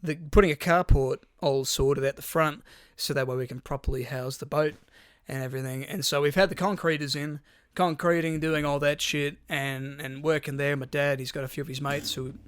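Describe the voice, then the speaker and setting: A man's voice: a little high, steady tone, normal speed, few pauses, smooth, no room sound, clean studio sound. A young Australian man, podcast co-host, telling a rambling casual story with lots of swearing. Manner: rambling, swears freely, acts out voices in quotes.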